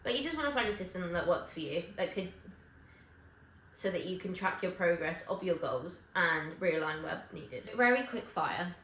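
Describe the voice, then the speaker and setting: A woman's voice: fairly low pitch, a bit bright, slight background noise. Chatty woman vlogging in an echoey room. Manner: chatty, rambling, self-correcting with quick asides. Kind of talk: casual chat to camera. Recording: echoey room with faint ambience.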